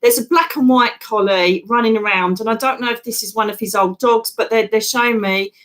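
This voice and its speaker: A woman's voice: a little high, brisk, a bit bright. A woman hosting a livestream, giving psychic readings in a chatty manner and calling viewers darling. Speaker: psychic medium host. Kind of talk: live psychic reading chat.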